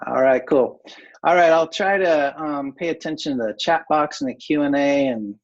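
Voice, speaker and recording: A man leads an online coaching workshop in a casual, upbeat way, scattering uhs and ums as he goes. His voice sits a little high. The sound is dull and lo-fi, as on a video call. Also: moderate pace. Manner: casual, upbeat, many filler words. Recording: muffled lo-fi video call audio.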